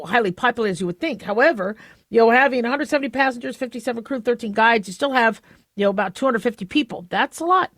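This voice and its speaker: A woman's voice: fairly high pitch, no room sound, studio quality. A woman hosting a talk radio show, explaining medical news in a chatty way with many fillers and restarts.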